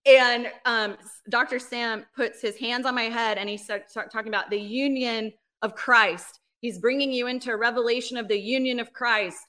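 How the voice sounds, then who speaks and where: Woman, ministry leader, podcast guest, bright clear tone, animated storytelling, casual chat. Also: on the high side, normal speed, hardly any pauses. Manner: animated storyteller, frequent "like" and "right?". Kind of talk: casual interview, personal testimony.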